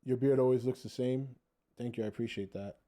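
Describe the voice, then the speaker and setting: A man's voice: medium pitch, fairly even intonation, a little fast, warm tone. A man hosting a casual podcast, reading viewer comments aloud and joking with the chat. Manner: laid-back, jokey, reads viewer comments aloud.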